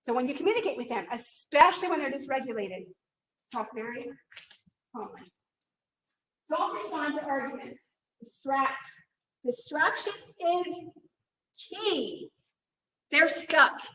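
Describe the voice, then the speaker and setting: A woman in her forties, a teacher giving a workshop talk in a dynamic, animated way, sometimes loud. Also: sits high, a little slow. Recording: echoey room, distant mic, faint noise.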